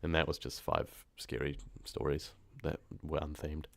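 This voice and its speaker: Deep and creaky, this New Zealander's voice moves at a measured pace as he talks easily with his livestream audience. A horror story narrator and streamer, he rambles, laughs readily, and sounds close-miked and dry.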